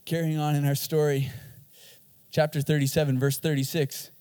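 Man, pastor, sermon, high voice, lively and emphatic, joking, long hall reverb. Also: moderate pace. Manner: energetic, joking, emphatic preaching.

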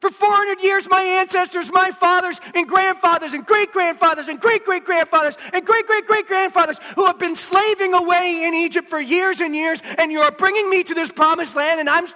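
A pastor acting out a brave young warrior, eager to charge into battle. He shouts his declarations in a very high, sharp voice. Long reverb from a large hall trails behind every line. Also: steady tone, moderate pace, few pauses. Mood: fired up.

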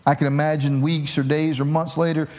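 A middle-aged man preaching a sermon as pastor, telling a personal story with animated, self-mocking humor. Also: fairly high pitch, fairly quick.

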